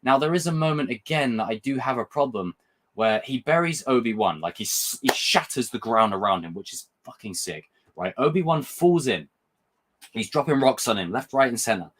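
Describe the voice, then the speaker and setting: A young man hosting a casual livestream review, talking in an excitable, rambling way and swearing freely. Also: medium pitch, moderate pace, slight background noise. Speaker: host.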